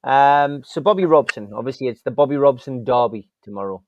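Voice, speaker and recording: A man's voice: mid-range voice, brisk, a little mellow, no room sound, muffled recording. A man hosting a podcast who hands the floor to guests with short, hesitant prompts. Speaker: podcast host.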